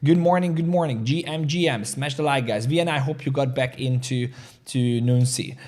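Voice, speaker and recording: Crypto stream host, man, upbeat and talkative, reads viewer chat, average pitch. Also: moderate pace. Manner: energetic, chatty, reads out chat comments. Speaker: crypto trading livestream host. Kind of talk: casual livestream chat. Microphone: desk mic, studio chair creaking.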